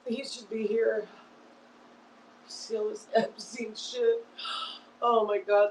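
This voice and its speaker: A woman's voice: fairly high pitch, little pitch movement, slow, long pauses, darkish tone, echoey room, far from the mic, a little hiss or hum, low-quality recording. A woman in her fifties hosting a livestream, ranting angrily and repeating herself, swearing often. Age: 50s. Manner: angry, repetitive, swearing. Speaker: online show host. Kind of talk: emotional livestream rant.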